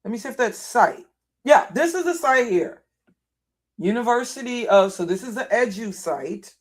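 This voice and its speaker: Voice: mid-range voice, animated, moderate pace. A live streamer in casual, off-the-cuff commentary, talking through what's on the screen. The speech circles back on itself with repeated words and restarts. There is a rising exasperated edge throughout. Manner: thinks aloud, repeats and restarts phrases, grows agitated.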